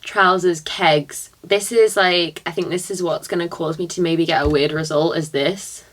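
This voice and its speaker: A woman's voice: fairly low pitch, fairly even intonation, a bit bright. A young woman from near Liverpool, reading quiz questions aloud and chatting about her answers. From northwest England, near Liverpool. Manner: chatty, thinking aloud, quick laughs. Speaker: vlogger.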